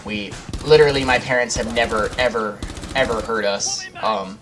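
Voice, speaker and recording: A man's voice: medium pitch, fairly even intonation, normal speed, background noise. Rambling young man telling a story. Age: young adult. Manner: rambling, swears freely, laughs through the story. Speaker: gaming channel host. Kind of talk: casual storytelling over gameplay.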